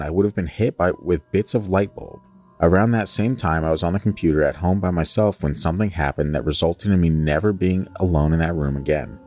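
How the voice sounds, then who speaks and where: A man's voice: sits low, darkish tone. A young man co-hosting a podcast, reading a listener's ghost story aloud and breaking off to joke and swear casually.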